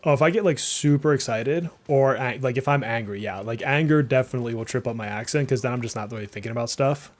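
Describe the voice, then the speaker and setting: Barely pausing, this fast-talking game streamer in his thirties keeps up a casual, rambling commentary with a slight Massachusetts accent. His mid-pitched voice reacts to the on-screen action as game music plays quietly underneath.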